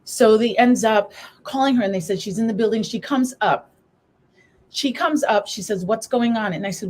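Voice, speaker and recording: A woman's voice: medium pitch, normal speed, darkish tone. A middle-aged woman, a guest on a live talk show, telling her personal story while trying to hold back tears.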